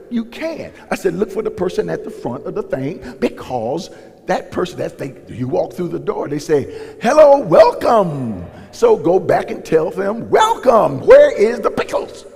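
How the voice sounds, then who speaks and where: A man's voice: mid-range voice, gravelly, a little mellow. A man, a pastor, preaching in a folksy storytelling way and acting out dialogue in raised voices. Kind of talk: sermon storytelling. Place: church sanctuary. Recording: long reverb in a large hall.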